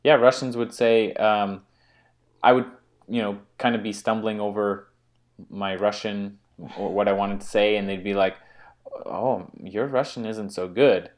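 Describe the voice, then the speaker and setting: A man co-hosting a casual chat, often pausing and restarting his sentences. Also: fairly low pitch, little pitch movement. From United States. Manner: halting, with frequent restarts and fillers. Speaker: co-host.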